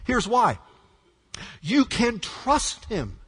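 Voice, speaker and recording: A male pastor preaching a sermon with dramatic swings from hushed words to shouts. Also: extremely high pitch, sing-song, extremely slow, breathy edge, big-room sound.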